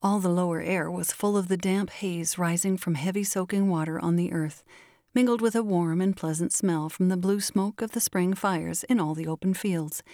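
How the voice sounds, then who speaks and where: A woman hosts and reads a classic short story with measured, deliberate phrasing. Her voice sits on the low side, and the recording is very dry and close. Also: dark tone, no echo. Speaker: host and reader. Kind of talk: scripted narration of a classic story.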